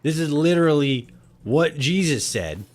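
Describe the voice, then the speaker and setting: A man's voice: on the high side, lively intonation, a little slow, darkish tone. A young man chatting casually on a live stream while gaming, rambling and swearing heavily with many restarts. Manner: rambling, profane, full of restarts and laughs.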